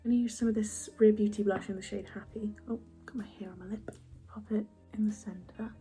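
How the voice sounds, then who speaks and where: Soft-spoken woman with gravelly fry. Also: medium pitch, fairly even intonation, fairly quick, faint music behind. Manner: soft, often half-whispered, chatty and self-mocking. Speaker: beauty vlogger. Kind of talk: casual makeup chat.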